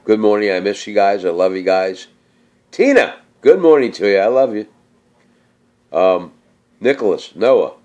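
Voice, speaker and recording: A middle-aged male vlogger with a lowish, darkish voice chats casually about cooking and gives viewer shout-outs, rambling with many fillers and slightly slurred speech. The recording is muffled.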